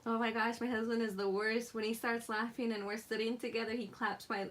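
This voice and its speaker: Young woman, higher voice, giggly, casual craft livestream chat, reads comments out. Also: flat delivery, a little fast, a bit bright. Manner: giggly, laughs often, reads chat aloud.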